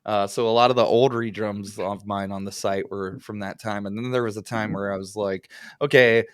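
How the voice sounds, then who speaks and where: A man's voice: fairly low pitch, flat delivery, fairly quick, smooth, no room sound. Easygoing male co-host, friendly interviewer tone, dry studio sound. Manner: friendly, asks the guest questions. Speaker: podcast co-host. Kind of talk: casual chat.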